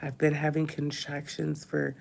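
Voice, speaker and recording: A woman's voice: low-pitched, monotone, moderate pace, creaky, a little mellow, slight background noise. A woman in her thirties crying as she talks in a confessional vlog, her voice breaking into whispers and sighs. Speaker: vlogger. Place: hospital room.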